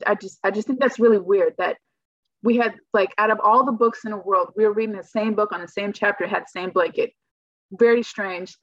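Woman guest, rambling storyteller, filler-heavy, middle pitch, dull and dry recording. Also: fairly even intonation, a little fast, dry recording. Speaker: guest telling her story. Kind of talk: casual personal storytelling.

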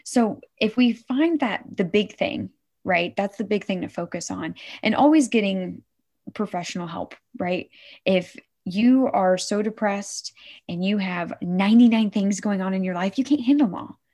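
Woman, middle-aged, from Oklahoma, interview guest, lively, acts out quotes, keeps asking "right?", mid-pitched voice. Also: moderate pace. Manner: animated, says "right?" often, acts out quotes. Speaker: guest, suicide prevention worker. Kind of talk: conversational interview.

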